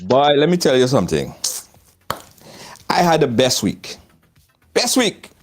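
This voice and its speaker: A man's voice: medium pitch, sing-song, moderate pace, faint music behind. A man from Trinidad with a Trinidadian accent, hosting a live talk show over a video call, laughing often and repeating himself. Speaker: host. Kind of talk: lively live-show chat.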